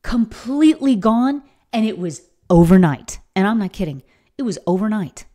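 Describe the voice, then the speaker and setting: A middle-aged woman speaks with eager, heartfelt enthusiasm in a motivational faith talk. She tells stories from her own life and urges listeners to act. Her voice sits at a middle pitch. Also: lively intonation, normal speed, mellow. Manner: enthusiastic, earnest storytelling.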